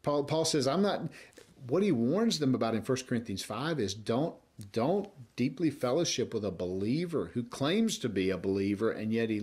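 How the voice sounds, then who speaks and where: Earnest American preacher. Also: male voice, medium pitch, husky. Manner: earnest preaching, swings between loud emphasis and soft quoted lines. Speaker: pastor. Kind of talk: sermon.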